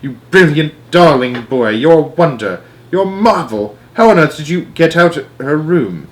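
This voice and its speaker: A man putting on a steady, affectionate old grandmother, his voice lifted a little higher for her, speaking with unhurried calm in a children's story reading. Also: close to an everyday voice. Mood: tender. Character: calm, loving elderly grandmother. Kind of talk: read-aloud storybook voice acting.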